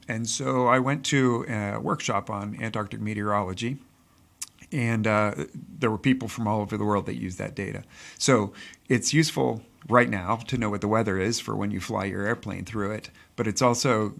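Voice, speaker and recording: A man's voice: fairly low pitch, fairly even intonation, normal speed, gravelly, a bit bright. A middle-aged male teacher answering interview questions, earnest and explanatory, with frequent fillers. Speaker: teacher and guest.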